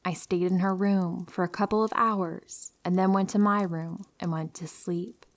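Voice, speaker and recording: Soft-spoken woman reading horror stories. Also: moderate pace. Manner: calm, low-key reading with hushed whispery stretches. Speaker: narrator reading listener stories. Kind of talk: soft scripted storytelling for sleep.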